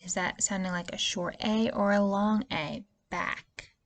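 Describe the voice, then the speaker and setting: A woman's voice: medium pitch, fairly even intonation, moderate pace. A woman teacher giving a spelling lesson to young children, patient and stretching out the vowel sounds. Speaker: early-years teacher.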